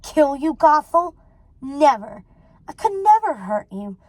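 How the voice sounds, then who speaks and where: Cold witch mom, sneery and clingy, lady reading it storybook voice, bit high. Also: very animated, takes it slowly, a little mellow, dry recording, exaggerated voice, poor audio. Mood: possessive. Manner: icy and scornful, then doting. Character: cold, possessive old witch mother.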